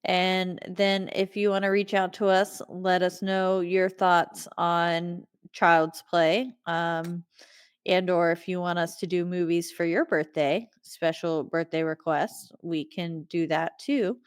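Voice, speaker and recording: A woman co-hosting a podcast in a relaxed, joking chat, laughing easily between thoughts. Her voice sits a little low and comes across smooth and clear. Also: slow, no room sound, clean studio sound. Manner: giggly, playful. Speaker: podcast co-host. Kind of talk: casual podcast outro chat.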